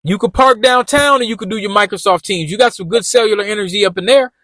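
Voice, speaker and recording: Vlogger, male, high voice, slangy and repetitive, talking to camera from a car, dry close sound. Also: fast, bright, forceful tone, dry recording. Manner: loose, repetitive street slang, addresses viewers as y'all. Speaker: vlogger giving job-interview tips. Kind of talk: casual talk while driving.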